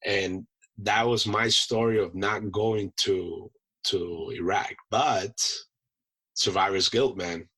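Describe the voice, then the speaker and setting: A man, a Marine veteran guest on a podcast, telling stories in a casual, animated way and acting out the people in them. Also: lowish voice, takes it slowly, husky, rough recording. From United States. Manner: animated storyteller acting out voices, laughs often. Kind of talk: casual storytelling.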